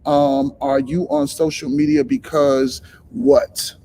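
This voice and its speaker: A man's voice: mid-range voice, very animated, slow pace, vocal fry, mellow, a little hiss or hum. A man hosting a live stream, talking bluntly and profanely, firing rhetorical questions. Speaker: livestream host. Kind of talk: blunt motivational live talk.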